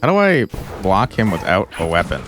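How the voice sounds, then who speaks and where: Animated man barking game commands. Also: low-pitched. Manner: barks quick commands, mock-insults his character. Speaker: gamer playing a martial arts game. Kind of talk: let's play commentary. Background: game music.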